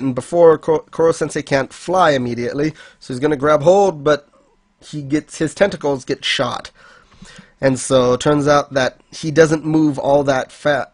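A man's voice: on the high side, dry recording. A man casually recapping manga chapters on a podcast, rambling with fillers and frequent laughs. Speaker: podcast co-host.

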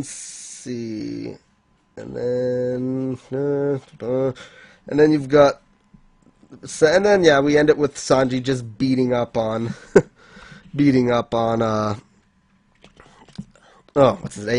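A man's voice: medium pitch, dry recording. Male co-host, casual recap chat, laughs constantly, acts out character lines, dry sound. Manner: giggly, keeps laughing and acting out characters' lines. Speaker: anime podcast co-host.

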